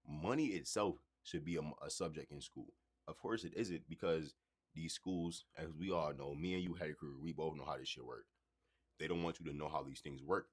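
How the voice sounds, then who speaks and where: A man hosting a casual livestream, talking loosely and with profanity straight to his chat. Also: a bass voice. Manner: loose, profane, conversational, addresses chat directly. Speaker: livestream host.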